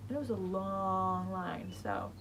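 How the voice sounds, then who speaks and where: Speaking at a measured pace in a medium-pitched voice, a teenage girl chats to the camera about embarrassing moments from her life. She rambles, uses "like" heavily and wanders into asides, all against a noisy background.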